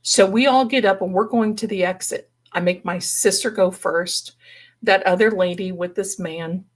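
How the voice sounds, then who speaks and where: A woman's voice: mid-range voice, normal speed. A woman telling a story on a live stream in a dramatic, folksy way, calling her listeners darlings. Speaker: paranormal storyteller guest.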